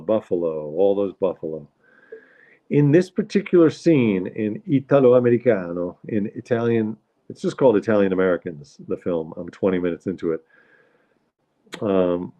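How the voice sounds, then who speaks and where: A man's voice: low-pitched, mellow. A man hosting a livestream, chatting casually and rambling in an easygoing way, greeting viewers often. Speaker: livestream host.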